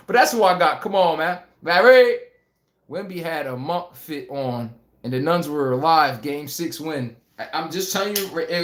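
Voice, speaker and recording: A man's voice: sits high, roomy sound. A man hosting a casual live sports stream, joking and laughing as he reads viewer comments. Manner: animated, laughing, joking banter with chat.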